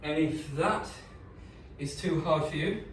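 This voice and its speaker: At home, a fitness coach talks a man through a leg workout, casual and encouraging, and he's winded by the finish. His voice is slightly high and he goes slowly. The room echoes, the mic sits far off, and there's faint background noise.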